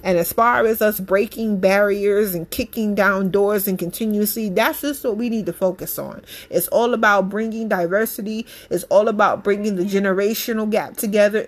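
A woman's voice: medium pitch, steady tone, moderate pace, hardly any pauses. A woman, a mother, giving her opinion in a casual monologue, emphatic and blunt, repeating her points with passion. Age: adult parent.

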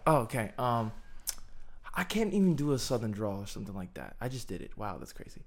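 Man, new york accent, podcast co-host, casual chat, lively up-and-down pitch, laughing, self-mocking. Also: a little fast, heavy background noise. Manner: laughing, self-mocking, trying a clumsy impression.

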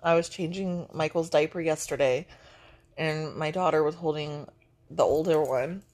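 A woman's voice: low voice, moderate pace, a little mellow. A middle-aged woman chatting casually, a gushing grandmother with lots of fillers. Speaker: vlog co-host, grandmother. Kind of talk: casual breakfast chat.

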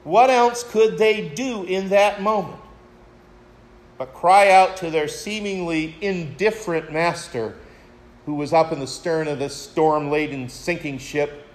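A man's voice: fairly high pitch, measured pace. A man preaching a sermon, retelling a story in a reflective way and addressing his listeners as friends. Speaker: pastor.

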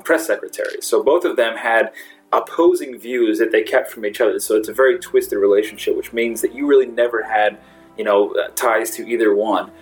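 A man narrating a tabletop role-playing game as game master, laughing often and restarting sentences. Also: fairly low pitch. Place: brewery.

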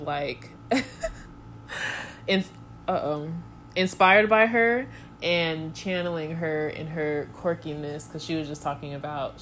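A woman's voice: sits low, a little hiss or hum. A young woman chatting casually to her viewers, rambling with goofy asides. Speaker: vlogger. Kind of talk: casual chat to camera.

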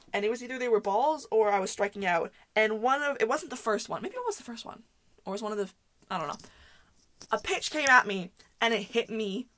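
Woman, solo podcast host; chatty, self-correcting storyteller, mid pitch, dry recording. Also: pushed and bright, no echo. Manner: rambling, self-correcting, laughs often.

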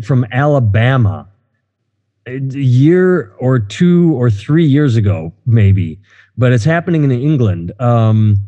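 A man's voice: medium pitch, warm tone. A middle-aged man hosting a casual podcast, rambling and hesitant with many fillers. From United States. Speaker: podcast host. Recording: dull, lo-fi, in a reverberant room.

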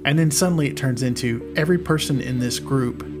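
A man's voice: mid-range voice, a little fast, music in the background. A man co-hosting a podcast in casual chat, rambling and repeating his words as he goes. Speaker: podcast co-host.

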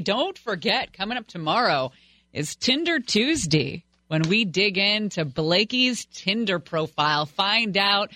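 A woman co-hosting a talk radio show, quick and teasing. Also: medium pitch, sharp tone, no room sound. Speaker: radio co-host.

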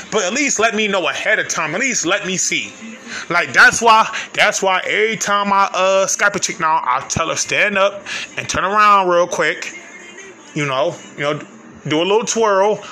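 A man ranting comically in a high voice that is very bright, forceful and sharp. He talks in brash, cursing slang and rambles loosely from one point to the next, filling the gaps with loose asides. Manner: loose, rambling delivery with many fillers. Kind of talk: profane comic rant to the audience.

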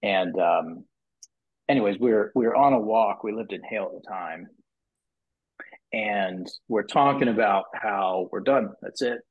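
A business owner guesting on a podcast tells his story casually and animatedly at a measured pace, restarting often and repeating "you know," his voice rising high when he acts out what others said. The podcast audio is muffled and lo-fi.

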